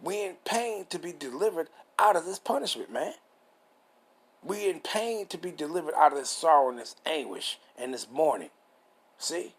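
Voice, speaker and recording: A man reading scripture aloud and preaching on it in a casual, rough-edged way, reading verses slowly and stopping to ask rhetorical questions. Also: a little high, animated. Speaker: scripture teacher.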